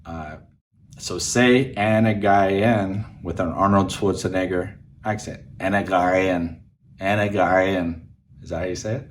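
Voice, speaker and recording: A man's voice: deep voice, normal speed. A man learning phrases from his wife in a casual home lesson, hesitant and joking, repeating words as he goes. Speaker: language learner, host. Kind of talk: casual language lesson chat. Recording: distant mic, faint room noise.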